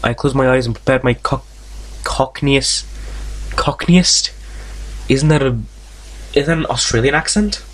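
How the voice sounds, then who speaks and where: This man talks briskly in a mid-range voice while reading a visual novel for his let's play. He stumbles over words in the story text and keeps veering into jokes, tangents and plenty of swearing.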